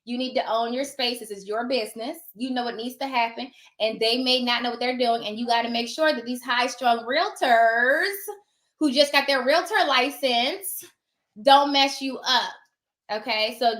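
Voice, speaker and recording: A woman's voice: fairly high pitch, fairly bright tone. Emphatic sassy woman in an echoey room. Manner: emphatic and sassy, acts out her exchanges. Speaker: notary loan signing agent. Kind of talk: casual advice monologue.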